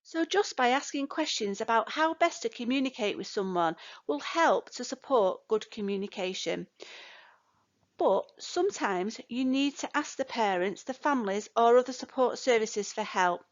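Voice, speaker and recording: A woman's voice: on the high side, expressive, normal speed. Chatty older woman tutor, lo-fi sound. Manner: chatty, many fillers and "you know" asides. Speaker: care course tutor. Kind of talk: recorded lecture. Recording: dull lo-fi recording.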